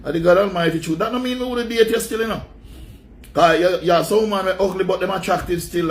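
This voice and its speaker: A Jamaican man giving a mocking countdown commentary, rambling and calling out each entry in loud, drawn-out announcements. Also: high voice, slight background noise.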